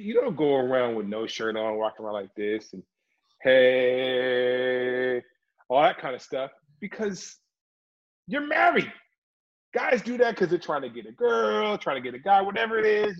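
Husky-voiced man telling stories. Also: fairly high pitch, brisk, muffled recording. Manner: animated, chatty, slips into voices. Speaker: actor and guest. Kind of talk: casual interview storytelling.

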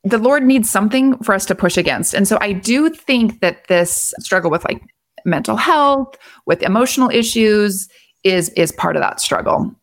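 A middle-aged woman talking as a guest in a relaxed, thoughtful conversation. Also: medium pitch, normal speed. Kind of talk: casual conversation.

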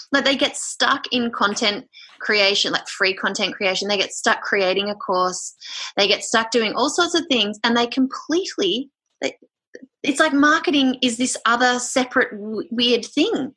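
Guest spot: chatty woman, bright and a little husky, blunt and energetic. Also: fairly high pitch. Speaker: podcast guest. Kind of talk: casual podcast interview.

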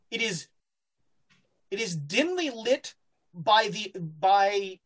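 A woman narrating a horror tabletop game as game master, halting with fillers and restarts. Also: mid-range voice.

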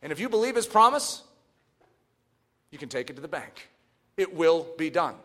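A man preaching a sermon, animated and swinging from hushed asides to shouts. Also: a little high, moderate pace. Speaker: pastor.

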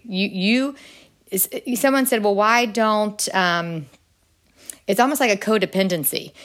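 A middle-aged woman speaking earnestly as a podcast guest, her pitch leaping up when she stresses a point. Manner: earnest, with sudden upward pitch leaps when emphatic. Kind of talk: earnest conversational interview.

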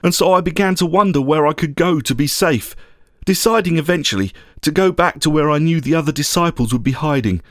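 A man telling a story in the first person, somber and reflective, often dropping low and quiet. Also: animated, fairly quick, no room sound, clean studio sound.

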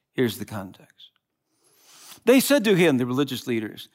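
Lively, animated male pastor preaching. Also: fairly high pitch. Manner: animated preaching, swings from loud to quiet; conversational asides with restarts. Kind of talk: sermon.

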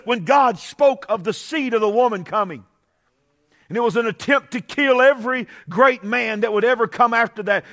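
Middle-aged man, pastor in the pulpit; high voice, chatty asides building into shouted, stretched-out preaching. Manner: swings from conversational asides to shouted, drawn-out preaching. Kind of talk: Pentecostal-style preaching. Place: church sanctuary.

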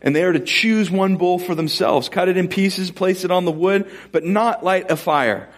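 A preacher putting on a bold, mocking lone prophet. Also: male voice, lightly acted. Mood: defiant. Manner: taunting, raised pitch, drawn-out words.

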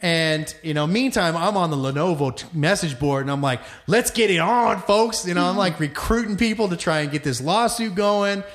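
Man, podcast co-host, rowdy storyteller, swears a lot, slightly higher voice. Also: brisk, few pauses. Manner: animated storyteller, swears freely. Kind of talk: casual chat.

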